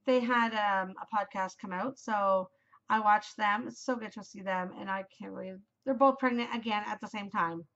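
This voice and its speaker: A woman's voice: medium pitch, normal speed, a bit bright, highs cut off. A woman in her forties hosting a knitting podcast, chatting casually and gushing, rambling with lots of fillers. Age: 40s. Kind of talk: casual chat.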